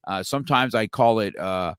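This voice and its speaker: A man's voice: fairly low pitch, moderate pace, smooth, dry recording, clean studio sound. A middle-aged man hosting an interview, talking in a rambling way with many fillers and restarts. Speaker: podcast host. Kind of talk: casual interview chat.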